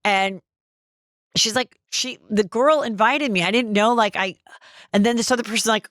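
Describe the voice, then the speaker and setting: A woman with a fairly high voice hosts a podcast at a normal pace, recorded cleanly in a studio with no echo. She chats casually about gossip, telling animated stories and acting out the people she quotes.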